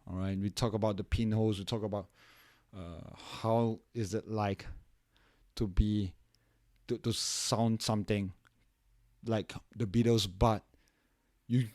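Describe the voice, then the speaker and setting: A man's voice: mid-range voice, darkish tone, dry recording, studio quality. Rambling young male podcast host. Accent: non-standard, hard to place; he says it doesn't sound Singaporean. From Singapore. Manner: rambling, many restarts and "right?" tags. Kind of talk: casual solo podcast intro.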